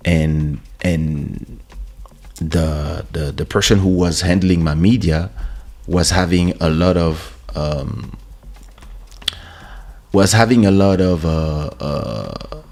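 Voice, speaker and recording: Male host, very low voice, laid-back anecdotal delivery with stammered restarts, podcast mic. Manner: relaxed anecdotal, stammering repeats. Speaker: host and musician. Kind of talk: casual storytelling. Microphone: studio podcast microphone.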